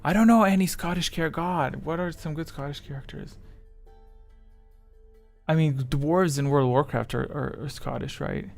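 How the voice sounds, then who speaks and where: A man's voice: fairly high pitch, moderate pace, vocal fry, soft background music. A man chatting casually with his live chat as a streamer, rambling and self-deprecating, with English that is not his first language.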